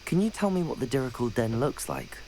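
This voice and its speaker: A man voicing a calm, polite young student wizard in a video game who asks questions. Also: medium pitch, a little fast, slight background noise, low-quality recording. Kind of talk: game character dialogue. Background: game music.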